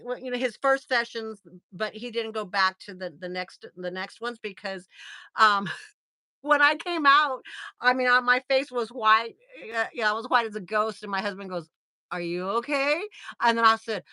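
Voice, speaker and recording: A middle-aged American woman chats through a story on her livestream, with a bright, forceful voice pitched a little high. She laughs often and acts out the lines of the people in her story. The sound is dry and close. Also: moderate pace, no echo. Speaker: livestream host.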